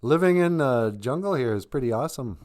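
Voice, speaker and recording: A man's voice: medium pitch, animated, a little fast, darkish tone, voice pushed up, natural voice. A man voicing a carefree, easygoing male bear who coaxes a boy to stay in the jungle. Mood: coaxing. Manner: easygoing, coaxing.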